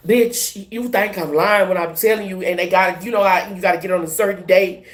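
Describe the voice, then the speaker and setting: A woman's voice: lowish voice, fairly quick, few pauses. A woman tarot reader in casual spiritual talk, swearing, laughing and emphatic. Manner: profane, animated, laughing, emphatic. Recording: echoey room with faint hiss.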